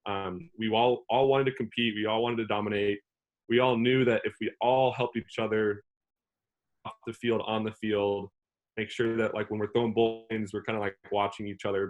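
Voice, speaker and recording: A man in his twenties, a pitcher, answering interview questions in a loose, rambling way full of "like". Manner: rambling, heavy use of "like" as filler. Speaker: relief pitcher, interview guest. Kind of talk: casual interview talk.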